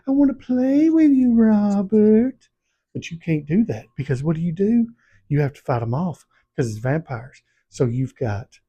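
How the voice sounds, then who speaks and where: A man's voice: medium pitch, husky, highs cut off. A man, a book vlogger chatting casually and animatedly retelling a story. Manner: animated storytelling, acts out scenes. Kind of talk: casual book review chat.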